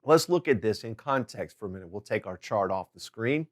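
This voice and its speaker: A man's voice: lowish voice, lively intonation, brisk. A man teaching a video lesson, explaining step by step in a patient way and often checking in with "okay?". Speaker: language teacher.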